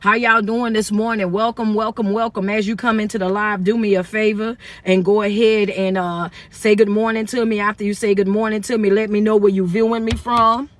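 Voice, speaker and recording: A woman motivational speaker hosting a phone live stream while on the road, talking in an energetic, preacher-like call-and-response style and greeting viewers one by one. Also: mid-range voice, brisk, hardly any pauses, dry recording. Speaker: motivational speaker and life coach.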